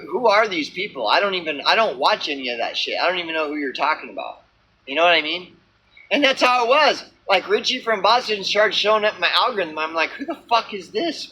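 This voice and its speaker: A man with a high, sharp voice rants to his camera in a loose vlog. He swears freely and circles back on himself with many fillers and false starts. His tone is tense and bright throughout. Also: a little hiss or hum, poor audio. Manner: profane, repetitive, many fillers and restarts. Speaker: small channel vlogger. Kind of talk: rambling unscripted rant to camera.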